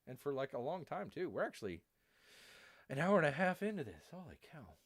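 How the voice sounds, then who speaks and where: A rambling male live-stream host with a lively, swooping delivery, drifting between jokes and asides. He refers to himself as Bear in the third person. His voice sounds worn from long talking. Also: medium pitch, fairly quick, pauses often, no echo. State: voice wearing out.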